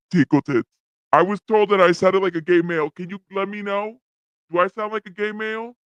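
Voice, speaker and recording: A woman's voice: mid-range voice, moderate pace, no room sound, lo-fi sound, voice pushed down. A woman livestream host using a voice changer to sound like a male AI, playfully asking her chat how she sounds.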